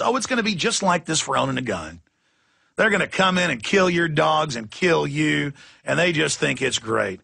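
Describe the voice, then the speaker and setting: A man's voice: on the high side, gravelly, sharp tone, breathy edge. A man hosting a radio talk show, delivering an impassioned, ranting monologue and acting out quoted voices.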